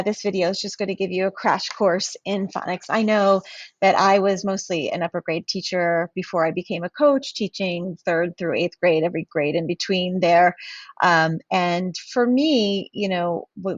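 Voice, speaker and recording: A woman's voice: fairly low pitch, dry recording, muffled recording. A woman instructional coach giving a casual professional development talk to teachers, full of fillers and restarts. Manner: hesitant, many fillers and restarts.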